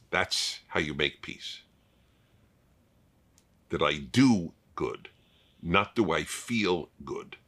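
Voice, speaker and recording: A man's voice: mid-range voice, sharp tone. An older man hosting a fireside chat, talking emphatically and repeating points for stress. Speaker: host.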